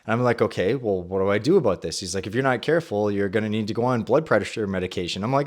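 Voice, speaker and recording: A young adult man hosting a faith podcast, telling a personal story and acting out his own past thoughts in a lively way. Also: fairly low pitch, fast. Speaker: podcast host. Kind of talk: personal testimony and Bible talk.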